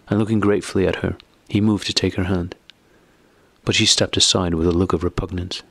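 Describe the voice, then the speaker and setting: Male audiobook narrator, very low voice, gravelly, husky, dry sound. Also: little pitch movement, brisk, fairly bright tone, dry recording. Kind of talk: scripted narration.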